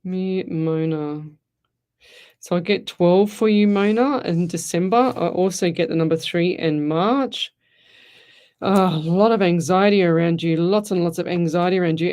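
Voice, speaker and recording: A woman's voice: on the low side, darkish tone, clear, resonant tone. Chatty Australian woman hosting live radio. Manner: chatty, rambling, thinks aloud with frequent restarts. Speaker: radio psychic medium host. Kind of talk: live radio call-in show, reading listener questions. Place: radio studio.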